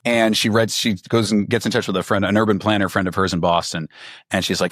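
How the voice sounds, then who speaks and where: A man being interviewed, telling stories in a lively, conversational way and acting out the people he quotes. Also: on the low side, fast talker, dry recording, clean studio sound. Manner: animated storytelling, acts out quoted people. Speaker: author and reporter, guest.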